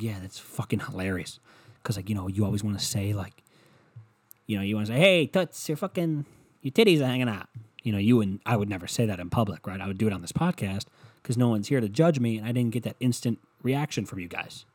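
Man, husky voice, solo podcast host, crude rambling comedy, self-mocking, acts out little voices. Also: medium pitch, a little mellow.

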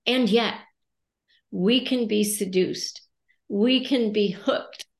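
Middle-aged woman, from the US, coach, unhurried, thoughtful, gravelly voice, roomy echo. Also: mid-range voice. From United States. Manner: thoughtful, acts out her own inner dialogue. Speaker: coach and podcast co-host. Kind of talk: reflective casual podcast talk.

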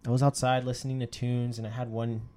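A young man casually telling a story, swearing a lot and acting out the quotes of others with sudden jumps in his voice. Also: fast talker. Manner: animated, profane, acts out quotes with sudden pitch jumps.

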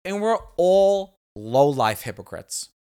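A man's voice: on the high side, very animated, takes it slowly, darkish tone, clear, resonant tone. A man co-hosting a podcast in casual chat, rambling and emphatic, swearing freely. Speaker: podcast co-host.

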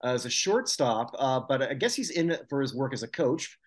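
A man co-hosting a casual podcast chat, reading out lists of names with quick asides. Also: medium pitch, lively intonation. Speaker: podcast co-host.

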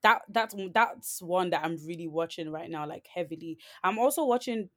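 A woman's voice: on the low side, normal speed, fairly bright tone. A woman co-hosting a podcast, chatting casually and rambling, with many "like"s and restarts. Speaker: podcast co-host. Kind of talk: casual chat.

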